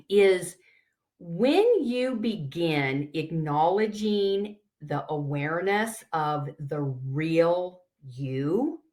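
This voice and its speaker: A woman's voice: deep voice, darkish tone. A middle-aged woman style coach teaching a class in an earnest, encouraging way, acting out little quoted asides.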